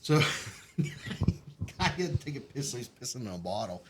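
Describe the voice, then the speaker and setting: A man telling his military stories in casual podcast chat, swearing often, laughing, and shouting out the quoted lines. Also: medium pitch, very animated, normal speed, very noisy. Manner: profane, laughing, acts out quotes loudly. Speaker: podcast guest. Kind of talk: casual storytelling.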